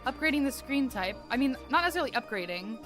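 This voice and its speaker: A young woman hosts a live stream and chats in a loose, rambling way, peppering her sentences with "like" and restarting them often. Her voice sits a touch higher than most. Faint music plays underneath. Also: expressive, quick pace. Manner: rambling, heavy use of "like", frequent restarts. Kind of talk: casual live-stream chat.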